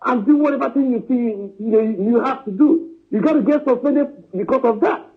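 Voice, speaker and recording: A high-voiced man speaks over a thin, tinny phone line. He calls in to a live stream and pushes his argument hard, circling back with "you know" and "understand?" and addressing the host as his brother. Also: normal speed. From southeastern Nigeria. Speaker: caller.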